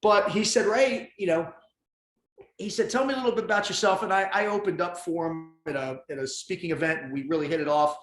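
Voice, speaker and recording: A man with a fairly high voice tells his story with intense, animated energy. He swears freely and leans into every phrase. The room around him rings with echo. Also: fairly quick. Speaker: podcast guest. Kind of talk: storytelling in casual conversation. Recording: roomy echo.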